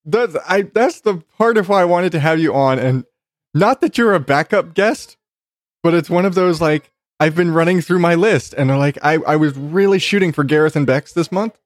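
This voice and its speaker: A man's voice: fairly high pitch, moderate pace, no room sound. Chatty, laughing podcast host man. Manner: laughs often, swears freely, rambles with restarts. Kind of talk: casual chat. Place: home bedroom.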